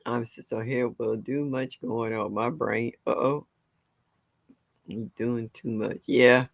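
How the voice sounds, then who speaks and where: Woman doing a live stream, chatty and laughy with her viewers, kinda gravelly voice. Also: very deep voice, a little slow, pushed and bright. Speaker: livestream host. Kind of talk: casual chat with live viewers.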